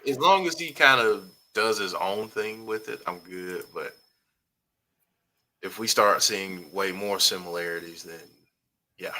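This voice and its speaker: A man's voice: low-pitched, measured pace, bright, forceful tone, a little hiss or hum, low-quality recording. A man hosting a casual live-stream talk show, reading viewer comments aloud in an easygoing way. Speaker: host.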